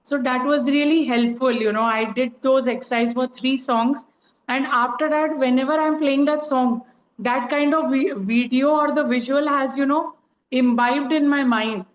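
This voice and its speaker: A woman chats through her experiences with plenty of "you know" fillers. Her voice sits high, and the room rings with echo. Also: fairly even intonation, normal speed. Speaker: coaching participant sharing experience. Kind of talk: casual online group call.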